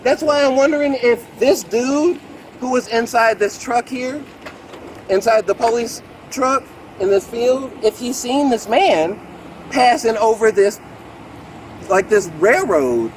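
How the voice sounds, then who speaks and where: Man, late 30s, very high voice, agitated, rambling, outdoors, body cam, faint background noise. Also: unhurried, low-quality recording. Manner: rambling, excitable, repeats "bro". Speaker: complainant speaking to police. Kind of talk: agitated street account to an officer. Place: outdoors beside a road. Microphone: police body camera.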